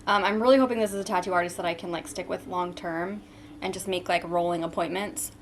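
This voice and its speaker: A woman's voice: fairly low pitch, fairly even intonation, fast talker, a little hiss or hum. A young woman in her twenties chatting casually to camera in a vlog, with frequent ums, sometimes talking with her mouth full. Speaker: vlogger.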